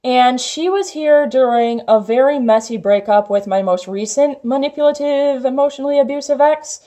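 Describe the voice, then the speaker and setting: Young woman vlogger, high bright voice, chatty storyteller, leans on "like" a lot. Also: moderate pace. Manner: chatty, heavy use of "like" fillers. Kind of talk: casual storytelling vlog.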